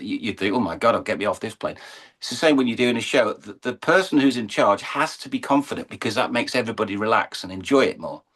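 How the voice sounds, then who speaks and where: Casting: husky middle-aged English man, low voice, earnest and emotional, interview guest. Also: fairly bright tone. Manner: earnest, emotional, building to uplifting emphasis. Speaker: interview guest, horse and falcon showman. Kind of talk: conversational interview storytelling.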